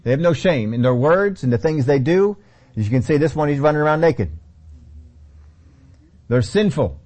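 A man's voice: on the high side, expressive, normal speed, a little mellow. A man teaching a Bible study sermon in a conversational way, often repeating key phrases.

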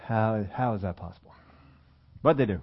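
A pastor with a lowish voice speaks at a normal speed, delivering a conversational sermon and frequently posing questions to his listeners. The recording is muffled and lo-fi.

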